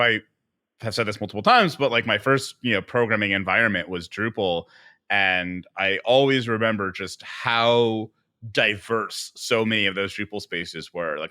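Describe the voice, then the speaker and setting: Man, podcast co-host, lowish pitch, bright tone, rambling, animated, filler-heavy chat. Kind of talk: casual panel chat.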